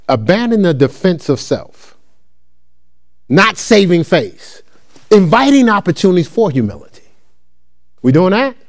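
A man delivers a sermon in a high, lively voice that swings up and down as he teaches. He talks to the congregation like a conversation, doubles back on phrases and asks them over and over if they are following. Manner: animated, repetitive, conversational preaching with call-and-response.

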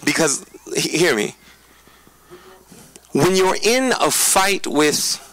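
Male pastor, conversational sermon: earnest, emphatic, bright and dry. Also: fairly high pitch, expressive, no room sound, poor audio. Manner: earnest, emphatic, addresses listeners directly; quick preaching with frequent restarts.

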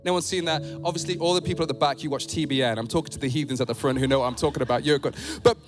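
A man's voice: fairly high pitch, fairly even intonation, racing, music in the background. A man preaching a sermon at a church service, passionate and emphatic, with blunt, direct appeals to his congregation.

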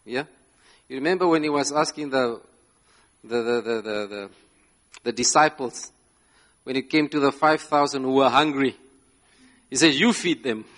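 A man's voice: medium pitch, normal speed, long pauses, a bit bright. A man preaching a sermon to a congregation, emphatic, often asking "yeah?" and laughing between phrases. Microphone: slides shown, speaking to a live congregation.

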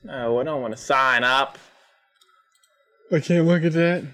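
A man's voice: medium pitch, unhurried, pushed and bright. A man co-hosting a podcast, chatting casually and reacting with laughs and disbelief to posts online. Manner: laughing, incredulous, swears freely. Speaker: podcast co-host.

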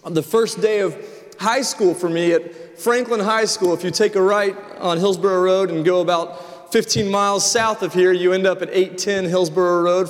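A middle-aged man, preaching a sermon and telling personal stories in a conversational way with frequent restarts. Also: sits high. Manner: storytelling, conversational with repeated restarts. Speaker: pastor. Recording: long reverb of a large hall.

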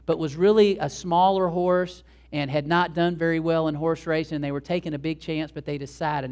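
Guy preaching a sermon like he's just telling a story, kinda high-ish voice, keeps asking the crowd stuff. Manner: conversational storytelling with asides to the congregation. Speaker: pastor.

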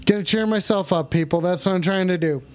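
A man with a high voice hosts a comedic livestream, swearing freely and working himself into mock outrage at his viewers. His rants are loud, theatrical and profane. A little music plays faintly beneath him. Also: fast talker. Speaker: livestream show host.

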